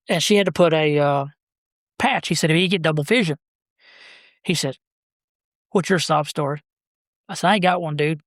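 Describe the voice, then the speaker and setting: A man, a podcast guest telling stories about his brother in a halting, rambling way. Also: a little high, dry recording, studio quality. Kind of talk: casual storytelling.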